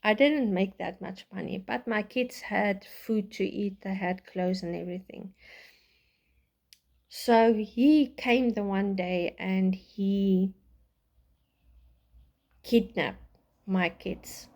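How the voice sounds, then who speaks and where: A middle-aged woman with a South African accent gives a raw, halting personal testimony about her life, often restarting her sentences. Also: mid-range voice, steady tone, vocal fry, a little mellow. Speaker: vlogger telling her life story.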